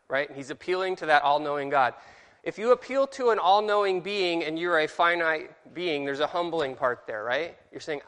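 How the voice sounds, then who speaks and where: A man's voice: fairly high pitch, a bit bright, big-room sound. A man leading an informal Bible study, reading verses aloud with exaggerated inflection and joking about himself. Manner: casual, self-deprecating, reads verses aloud with exaggerated inflection. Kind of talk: informal Bible class teaching.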